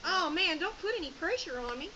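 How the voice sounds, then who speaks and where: A woman with a Southern US accent voicing an anxious herding dog that is eager to please, in soft, relieved asides. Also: very high voice, animated, brisk, a little hiss or hum, full character voice, rough recording.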